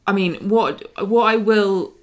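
A woman's voice: mid-range voice, slow pace. A young woman hosting a podcast, talking frankly and with emphasis in a casual conversation with her mother.

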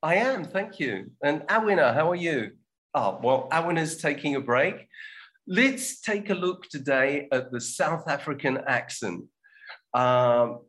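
Lively, higher-pitched male lesson host. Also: rough recording. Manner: chatty, teasing banter with co-host. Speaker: host of an English lesson show. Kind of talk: hosting an English lesson.

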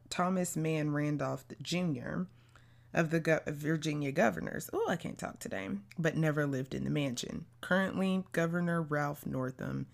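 Low, gravelly-voiced woman podcast host. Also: a little mellow. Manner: blunt, slangy, outspoken. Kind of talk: casual solo podcast monologue.

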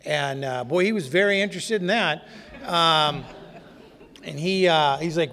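A man's voice: on the high side, measured pace, bright, forceful tone. A man telling his recovery story in a wry, candid, self-mocking way. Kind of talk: humorous personal storytelling talk. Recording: long reverb of a hall.

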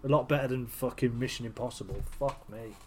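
A man in brash, sweary casual podcast banter, laughing often and arguing loudly. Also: mid-range voice, a little fast, very noisy. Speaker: podcast co-host.

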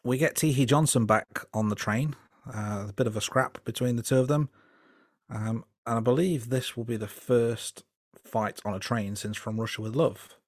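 A man's voice: medium pitch, moderate pace, no room sound, studio quality. A man co-hosting a podcast, chatting casually and thoughtfully about a film with frequent hesitations. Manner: relaxed, thoughtful, hesitant with fillers. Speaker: podcast co-host. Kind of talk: casual film review chat.

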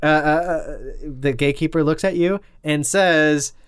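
A man's voice: on the high side, normal speed, clear, resonant tone. A man co-hosting a podcast in casual chat, playfully narrating a guessing game, laughing often and tripping over his words. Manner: playful, laughing, stumbles and restarts while narrating.

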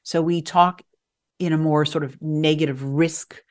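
A woman being interviewed as a guest coach on a radio show, talking in an animated, emphatic way and often restarting her sentences. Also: deep voice, a little slow. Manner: animated, emphatic, self-correcting. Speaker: guest, resilience coach and sophrologist. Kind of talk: conversational interview. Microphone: radio show microphone.

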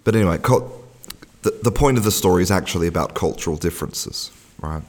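A man explaining in a relaxed, conversational way, often repeating himself and using fillers like "you know.". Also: sits low, a little fast. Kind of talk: casual explanatory talk.

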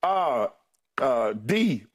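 A man's voice: medium pitch, very animated, very slow. Emotional middle-aged man fighting back tears. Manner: heartfelt, thanking colleagues one by one. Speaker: co-host saying farewell. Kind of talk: emotional on-air farewell speech.

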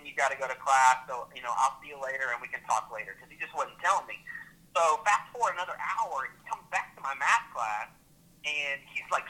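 A man, a teacher, telling a faith story with lively repeats and restarts. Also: a little high, poor audio. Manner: animated, repeats words and restarts. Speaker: teacher and Christian club leader.

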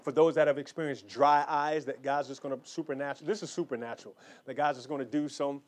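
A man with a somewhat high voice prays fervently and exhorts his congregation. He repeats phrases and restarts often. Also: steady tone, fast. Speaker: pastor. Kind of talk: prayer and offering appeal.

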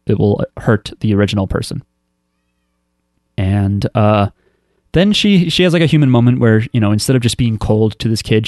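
Relaxed man rambling through a recap. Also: fairly low pitch, no room sound, studio quality. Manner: rambling, filler-heavy storytelling with frequent restarts. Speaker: podcast host recapping an anime episode. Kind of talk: casual chat.

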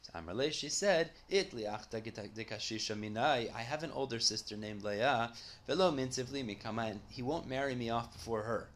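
A man's voice: mid-range voice, brisk, a bit bright, a little hiss or hum. A man teaching a Talmud study lesson, who reads each line aloud and then explains it in English.

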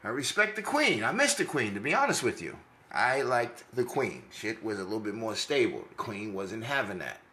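A man's voice: lowish voice, sing-song, moderate pace, pushed and bright, roomy sound. A man with a New York accent hosting a casual podcast monologue, brash, rambling and profane. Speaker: podcast host.

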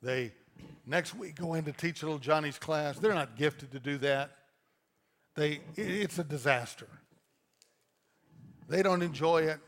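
A man preaching a sermon as pastor, conversational and animated, telling stories and acting out little quoted lines. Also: on the high side, measured pace, pauses often.

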